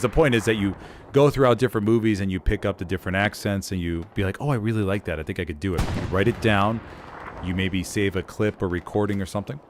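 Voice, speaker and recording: A man's voice: low voice, background noise. A man streaming a shooter game, chatting in a rambling, easygoing way and laughing at himself. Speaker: streamer and voice actor. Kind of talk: casual chat while streaming a shooter game. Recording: loud game gunfire and artillery behind.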